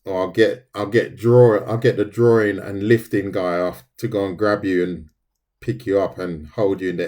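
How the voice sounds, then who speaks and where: Sketching live for an audience, a middle-aged artist keeps up casual chatter with viewers, "mate" coming up often. He has a deep, darkish voice.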